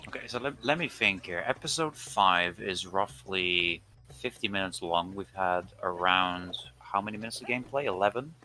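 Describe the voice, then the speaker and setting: A man with a very deep, bright voice speculates thoughtfully in live speedrun commentary. He thinks aloud, pausing on fillers. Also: faint music behind.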